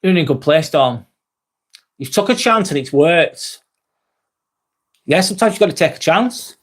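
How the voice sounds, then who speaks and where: A young man with a broad Lancashire accent talks casually on a live stream, reading viewers' comments and answering them. His voice sits a little high for a man, and his chat is loose and full of swearing. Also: animated, moderate pace. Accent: Lancashire English. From Northwest England. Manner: chatty and swears freely. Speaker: live vlog host.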